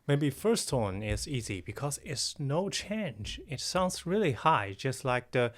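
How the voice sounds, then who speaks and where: A woman co-hosting a podcast lesson with a low voice that rises and falls a lot. She speaks slowly, asks leading questions and guides the practice along. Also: very animated. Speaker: podcast co-host.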